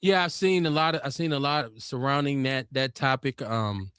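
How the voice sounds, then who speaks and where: A man hosting a podcast, telling stories and arguing his points in an animated, emphatic way. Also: medium pitch, normal speed, clear, resonant tone, no room sound, clean studio sound. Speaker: podcast host. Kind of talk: casual debate talk.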